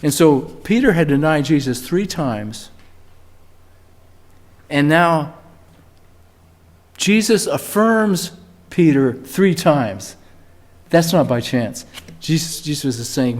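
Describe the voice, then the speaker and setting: An older man preaching a sermon in a church, talking in a relaxed storytelling way and rising emphatically on key words. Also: fairly high pitch, takes it slowly, long pauses. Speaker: pastor. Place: church sanctuary.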